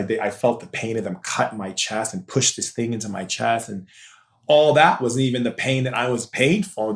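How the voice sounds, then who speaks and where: Man, low voice, emotional personal story, podcast guest, roomy echo. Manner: intense, emotional retelling. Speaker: podcast guest, spiritual teacher.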